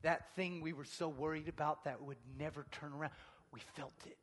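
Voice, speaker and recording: A man preaching a sermon, swinging from hushed near-whispers to shouted passages. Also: a little high, steady tone, fairly quick, in a large hall.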